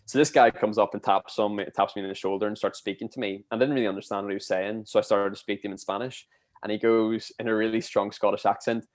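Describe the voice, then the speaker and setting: A man's voice: fairly low pitch, fast. A man in his twenties, a podcast guest and former theme park cast member, rambling through casual anecdotes. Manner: chatty, rambling, animated when telling stories.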